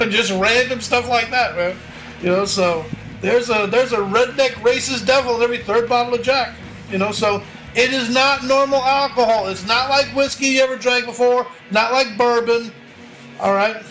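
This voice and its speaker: A male comedy host with a very high, bright voice rambles through a profane stand-up bit. He leans heavily on fillers and loose asides as he builds each joke. Faint music plays underneath. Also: normal speed.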